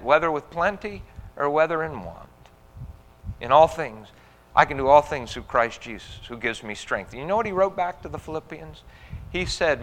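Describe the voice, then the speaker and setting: A man's voice: fairly high pitch, a bit bright. Preaching man in a reverberant hall. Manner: earnest preaching, rising emphasis on quoted scripture. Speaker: pastor. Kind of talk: sermon.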